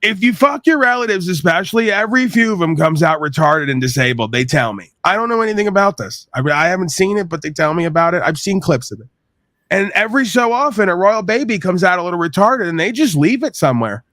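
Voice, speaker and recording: A man's voice: high voice, quick pace, no room sound, clean studio sound. Crude, ranting man from New York. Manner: crude, rambling, animated venting. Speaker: podcast host. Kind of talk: profane ranting monologue.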